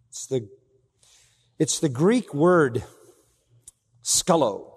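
A male pastor delivering an expository sermon at a middle pitch. He presses his points hard, climbing loud and high, then dropping low, and he keeps asking the congregation questions. The recording carries a long reverb tail from a large hall. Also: big pitch swings, slow pace, long pauses, husky. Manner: emphatic preaching with big swings in pitch and loudness.

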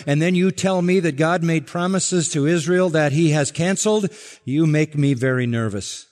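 A man's voice: fairly high pitch, a little mellow. A man preaching a sermon as pastor, emphatic and building his points through rhetorical questions. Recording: long reverb from a large hall.

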